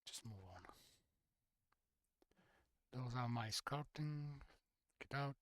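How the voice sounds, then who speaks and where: Chatting casually while he plays, a man half-mutters his way through game menus, his phrasing slightly non-native. His mid-range voice has a fairly bright tone, and he speaks slowly.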